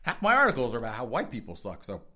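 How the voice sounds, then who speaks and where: A man's voice: mid-range voice, huge pitch swings, very fast, bright, forceful tone. A man hosting a podcast of opinion commentary, sarcastic and mocking, often laughing and talking straight to his listeners. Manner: talks straight to listeners as folks. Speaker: podcast host.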